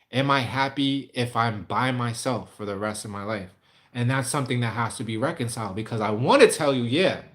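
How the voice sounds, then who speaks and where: Candid rambling man chatting. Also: on the low side. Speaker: streamer answering viewer questions. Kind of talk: casual livestream chat.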